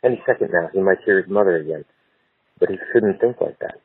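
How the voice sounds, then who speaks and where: A man's voice: deep voice, fast, husky, no echo. Man reading a story over a phone. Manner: steady storytelling delivery. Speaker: reader. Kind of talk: reading a novel aloud. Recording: tinny phone line.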